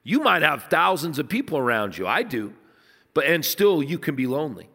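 A man preaching a sermon, telling stories in a conversational way and dropping low and soft to stress points. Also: sing-song, moderate pace, slightly rough, big-room sound. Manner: storytelling, conversational, dips low and soft for emphasis. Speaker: pastor.

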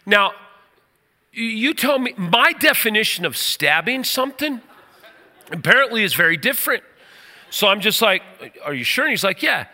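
A middle-aged man preaching a sermon, telling a personal story with animated energy. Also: sits high, normal speed, big-room sound. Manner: animated storyteller, rises to near shouting at the story's climax.

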